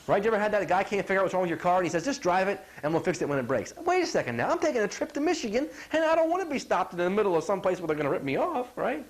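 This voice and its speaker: A man's voice: high-pitched, rapid-fire, hardly any pauses. A middle-aged man, a chiropractor, giving a folksy health talk and acting out quotes as he goes. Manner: animated, acts out quotes, asks "you follow?".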